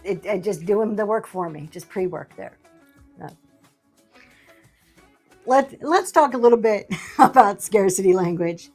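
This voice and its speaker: A woman's voice: mid-range voice, lively intonation, a little slow, pauses often, a little mellow, faint music behind. A middle-aged woman hosting a livestream sale, chatting casually with a sassy, laughing manner. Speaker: livestream seller host. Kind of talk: casual chat.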